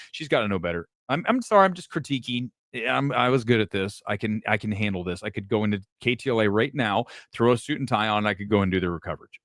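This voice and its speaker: A man hosting a casual live commentary show, animated and profane, jumping from topic to topic. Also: fairly low pitch, dry recording, clean studio sound. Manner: animated, swearing, jumps between topics. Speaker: host.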